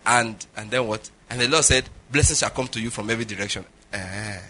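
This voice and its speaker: A man's voice: medium pitch, quick pace, bright, forceful tone. A middle-aged man preaching a sermon, telling stories with jokes and Pidgin asides. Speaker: pastor.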